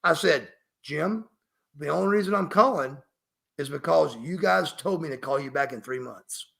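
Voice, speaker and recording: A man's voice: on the high side, normal speed, vocal fry, fairly bright tone. A middle-aged man, emphatic and profane, telling a story as a podcast guest. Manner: emphatic, profane, refers to himself by name. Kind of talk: storytelling interview.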